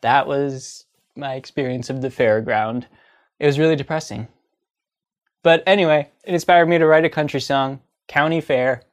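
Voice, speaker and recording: A man's voice: medium pitch, moderate pace. Sarcastic man ranting casually. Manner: chatty, sarcastic, breaks into mocking sung parodies. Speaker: comedy vlogger. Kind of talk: casual comedic monologue.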